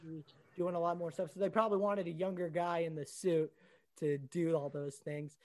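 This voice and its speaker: A man hosting a casual movie chat, joking and animated. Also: fairly high pitch, normal speed, low-quality recording. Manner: joking, animated, does playful impressions. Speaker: podcast host. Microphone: home microphone on a call.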